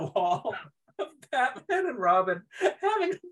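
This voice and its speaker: A man's voice: high voice, huge pitch swings, a little slow, fairly bright tone. A man co-hosting a podcast, recapping a TV episode in casual chat, acting out the characters' lines and laughing often. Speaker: podcast co-host.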